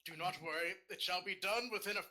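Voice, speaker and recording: A man's voice: high-pitched, quick pace, bright, forceful tone. A man playing a noble in a tabletop game, speaking in a formal, courtly way. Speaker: player.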